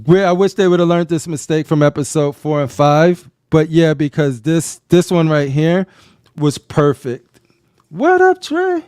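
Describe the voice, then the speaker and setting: Man, casual show chat, smooth clear voice, slightly high, dry close sound. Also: no echo. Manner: animated, acts out scenes in quick voices. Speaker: podcast co-host. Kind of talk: casual watch-along chat.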